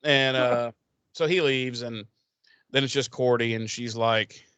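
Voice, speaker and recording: A man's voice: medium pitch, fairly even intonation, unhurried, a bit bright, smooth, no room sound. A man casually recapping a TV episode on a podcast, swearing a lot and rambling with loose quoted voices. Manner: profane, rambling storytelling with mocking quoted voices. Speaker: podcast co-host.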